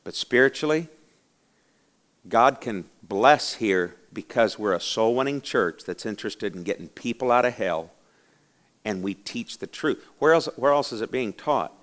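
A man's voice: medium pitch, expressive, measured pace, fairly bright tone. Fiery preacher man. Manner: fiery, dramatic storytelling with acted-out voices. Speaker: pastor. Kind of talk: sermon. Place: church.

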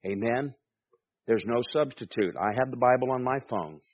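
A man's voice: mid-range voice, moderate pace, dry recording, dull audio. A man preaching a sermon as pastor, emphatic, with rhetorical questions and calls for amen.

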